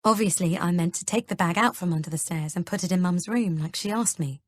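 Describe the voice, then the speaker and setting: A woman reading an audiobook, voicing a gentle, worried husband who talks softly and hesitantly. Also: lowish voice, a little fast, no echo, natural voice. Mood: earnest. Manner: soft, hesitant pleading.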